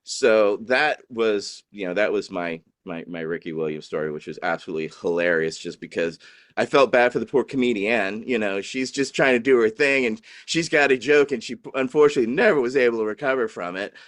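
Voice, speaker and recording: A man from New Orleans telling a story in casual chat, acting out the people he quotes in high voices. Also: brisk, fairly bright tone, no room sound, clean studio sound. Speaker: guest, dispensary owner.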